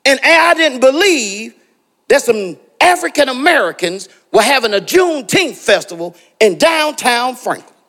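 A middle-aged man preaching a sermon, telling personal stories, calling out congregation members by name and building to shouted exhortations. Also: extremely high pitch, sing-song, a little slow.

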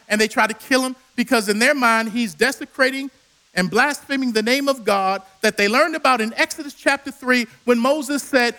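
A man's voice: extremely high pitch, moderate pace, sharp tone. A male preacher delivering a sermon with dramatic storytelling and call-and-response.

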